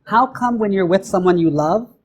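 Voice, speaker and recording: A man's voice: sits high, animated, normal speed, rough recording. A man, a monk, giving a question-and-answer dharma talk in a temple, playful and acting out little everyday scenes. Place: temple hall.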